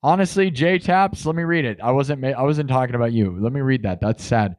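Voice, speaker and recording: Brief: male livestream host, casual, goofy and jokey, reads chat out loud. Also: medium pitch, a little fast. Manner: goofy, joking, reads viewer comments aloud. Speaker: livestream host and improvising musician.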